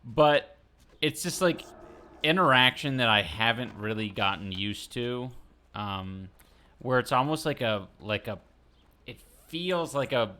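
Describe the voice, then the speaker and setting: A young man streaming a game, chatting casually and thinking aloud in a slow, halting way. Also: medium pitch, expressive, bright, forceful tone. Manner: slow, halting, many fillers and restarts. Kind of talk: casual chat while gaming.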